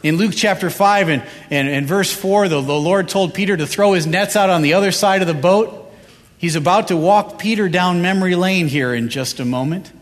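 A man's voice: sits high, normal speed. A male pastor preaching a sermon, driving his points home with repeated rhetorical questions. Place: church sanctuary. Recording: reverberant church hall.

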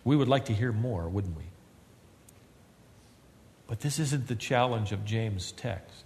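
A man preaching a sermon as pastor, earnest and building to loud, emphatic climaxes. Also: mid-range voice, animated, unhurried, pauses often. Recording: long reverb of a large hall.

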